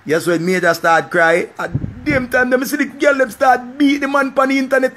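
A man's voice: extremely high pitch, fairly quick. A man with a Jamaican accent giving casual, profane commentary. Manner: animated, repetitive, profane. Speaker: vlogger.

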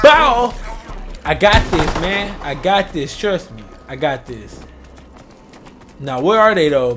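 Over game music and gunfire, a man hosts a gaming channel and gives casual commentary on his play. His voice is high-pitched and creaky, and he's loud, profane and jokey, trash-talking the enemies.

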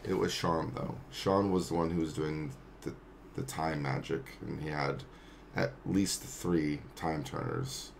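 A man playing a tabletop game who reads aloud and explains slowly and haltingly, with frequent ums. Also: extremely low pitch, expressive, gravelly, slight background noise. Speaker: player. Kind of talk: tabletop game play, reading and casual talk.

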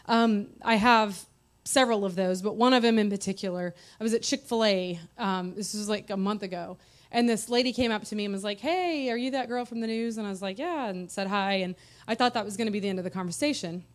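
A woman's voice: mid-range voice, fairly even intonation, fast talker. A woman in her thirties giving an earnest, conversational personal testimony in church. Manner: earnest, conversational, heartfelt storytelling.

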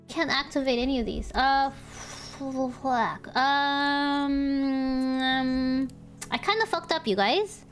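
Flustered high-voiced woman streaming a card game. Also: fairly bright tone. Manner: flustered, thinks aloud, swears, squeals when upset. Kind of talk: casual gameplay streaming.

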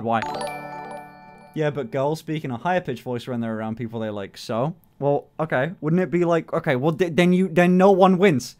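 A man's voice: fairly high pitch, moderate pace, a little mellow, soft background music. A young man livestreaming, chatting casually with his viewers, joking, swearing and laughing often. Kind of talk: casual chat reading out chat messages.

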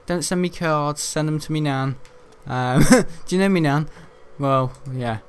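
A man's voice: a little high, measured pace, clear, resonant tone. A young man, rambling in casual commentary over a video game, swearing mildly now and then. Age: young adult. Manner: chatty and rambling, frequent mild swearing. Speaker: gaming YouTuber.

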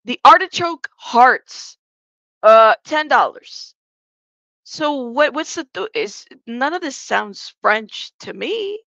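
High, gravelly-voiced woman chatting. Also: very animated, slow pace, fairly bright tone, dry recording. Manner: chatty, joking asides, laughs often. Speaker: commentary channel host. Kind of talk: live-stream commentary reading chat. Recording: dull lo-fi sound.

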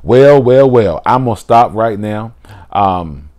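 A man preaching a casual livestream sermon from his phone, animated and repetitive, stumbling and restarting often. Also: fairly low pitch, slow. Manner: animated preaching, repeats words and restarts, casual Southern-style "y'all". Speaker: pastor.

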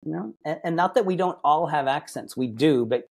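A man's voice: fairly high pitch, a little fast, creaky, breathy edge. A man from Massachusetts, a guest on a podcast, telling stories in a rambling, self-correcting way. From Massachusetts, United States. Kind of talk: casual interview chat.

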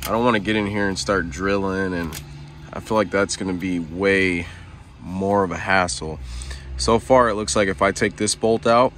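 A man's voice: deep voice, steady tone, normal speed, a bit bright, slight background noise. A man vlogging from inside his truck cab, explaining a repair in a laid-back, rambling way with lots of fillers and restarts. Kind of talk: casual how-to vlog.

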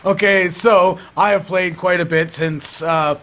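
A man's voice: sits high, fairly even intonation, unhurried, sharp tone. Crude joking gaming man. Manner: crude, joking, laughs a lot. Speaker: gaming YouTuber. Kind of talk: let's play commentary.

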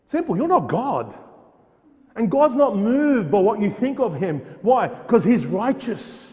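A man's voice: high voice, sing-song, slow, mellow, big-room sound. A man preaching a fervent sermon in a church, repeating phrases and firing off rhetorical questions.

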